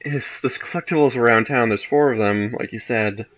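A man in casual chat about a video game, speaking in a relaxed, halting way. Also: mid-range voice, muffled recording. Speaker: podcast co-host discussing a video game.

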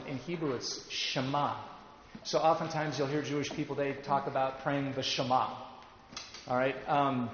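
A man teaching an adult Sunday school class, explaining slowly and leading the group in reading aloud. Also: on the high side, muffled recording, slight background noise. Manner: explanatory, leads group readings, pauses with fillers. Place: church classroom. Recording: echoey roomy recording from a distance.

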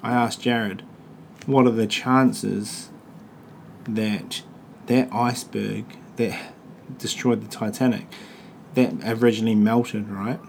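A man's voice: fairly low pitch, steady tone, takes it slowly, gravelly, long pauses, a little hiss or hum. A man with a New Zealand accent, hosting a casual podcast chat, crude and joking, swearing freely. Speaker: podcast host.

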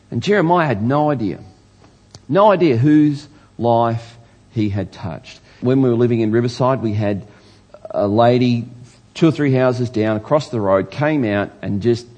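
Male preacher, sermon delivery, earnest with stammered restarts, husky and warm tone. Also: medium pitch, expressive, a little slow. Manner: earnest, stammers and restarts, rising emphasis on questions.

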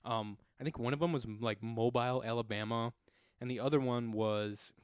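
A man's voice: medium pitch, fairly even intonation, moderate pace, smooth, no room sound, studio quality. A young man co-hosting a casual podcast, swearing freely and acting out quoted voices as he tells stories. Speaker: podcast co-host.

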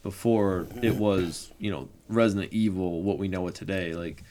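Relaxed low-voiced male podcast host. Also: normal speed, a little hiss or hum. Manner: relaxed, rambling, laughs often. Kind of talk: casual chat.

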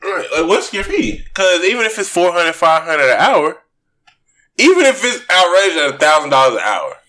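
A man's voice: on the high side, sing-song, a little fast, sharp tone. A young man co-hosting a podcast in casual chat, loose and joking, laughing often and swearing casually. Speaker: podcast co-host.

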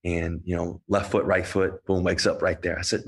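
A man's voice: low voice, level tone, normal speed, creaky. A man telling a personal story to an audience, earnest and emotional, often restarting and repeating himself. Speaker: guest speaker.

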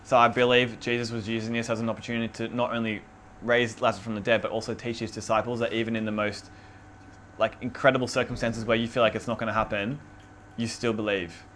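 A man leading an informal Bible study, teaching in a relaxed, chatty way with many fillers. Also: medium pitch, quick pace, slight background noise. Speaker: youth group or Bible study leader. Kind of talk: casual conversational teaching on scripture.

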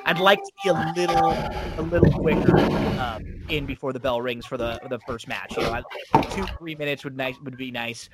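A man's voice: mid-range voice, moderate pace, loud music behind the voice. A man casually recapping an old wrestling show on a podcast, chatty and rambling with fillers.

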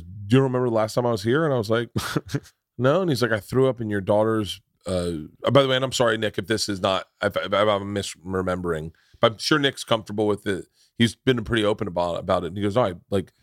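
Male podcast host, casual storyteller, lively, dry close mic. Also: no room sound. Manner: animated, jumps into loud high voices when quoting.

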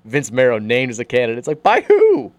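A man's voice: medium pitch, fairly even intonation, smooth, no echo, muffled recording. A man hosting sports talk radio, reading listener texts and arguing about college basketball coaches. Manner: reads listener texts aloud, fast and argumentative.

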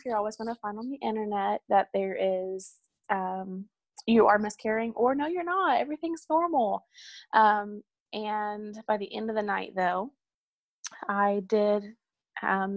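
A woman's voice: mid-range voice, dry recording. A young woman telling a personal story in a candid, rambling way, with many ums and asides. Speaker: hospital supervisor sharing a personal story.

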